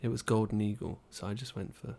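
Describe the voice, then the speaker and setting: A man's voice: on the low side, a little fast, gravelly, a little mellow. A man from Britain co-hosting a casual podcast chat, musing aloud and often trailing off. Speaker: podcast co-host.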